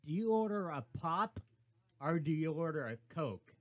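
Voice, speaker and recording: A man's voice: on the high side, lively intonation, moderate pace. A man with a somewhat raised voice chiming in on a radio talk show. He rambles along in an easygoing way. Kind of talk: casual chat.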